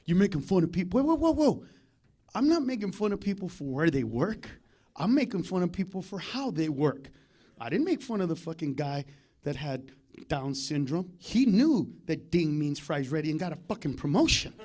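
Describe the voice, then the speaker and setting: A man doing a live stand-up comedy set on a club stage, ranting and profane, swinging between loud outbursts and mock-serious asides. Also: on the high side, very animated, normal speed.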